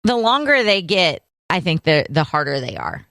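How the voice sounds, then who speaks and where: Woman, co-host, lowish voice, dry close sound, playful teasing chat. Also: sing-song, moderate pace, a bit bright, no echo. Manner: teasing, upbeat, leads the segment. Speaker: podcast co-host. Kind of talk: casual chat.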